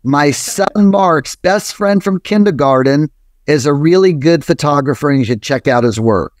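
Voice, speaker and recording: A man's voice: fairly high pitch, moderate pace, no room sound, studio quality, close to an everyday voice. A man putting on a chatty elderly New Jersey woman's accent, playing a proud volunteer mother. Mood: boastful.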